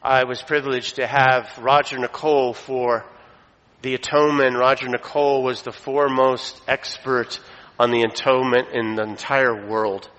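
A man preaching a sermon, his delivery swelling for emphasis and then dropping low. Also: level tone, moderate pace, a bit bright, muffled recording. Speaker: pastor. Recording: long reverb of a hall.

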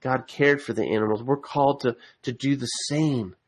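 A man's voice: mid-range voice, normal speed, slightly rough, poor audio. Male preacher, earnest sermon delivery that climbs into emphatic appeals. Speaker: pastor.

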